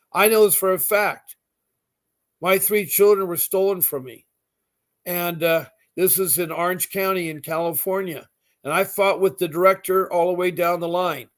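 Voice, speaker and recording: A middle-aged man hosting a talk show, speaking emphatically and harshly, indignant. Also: sits high. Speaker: host. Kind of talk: advocacy talk show conversation.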